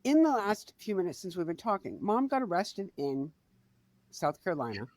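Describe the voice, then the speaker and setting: A middle-aged woman co-hosting a podcast, telling a family story in casual chat, swinging between quiet and loud. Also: lowish voice, big pitch swings, normal speed, dry recording. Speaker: podcast co-host.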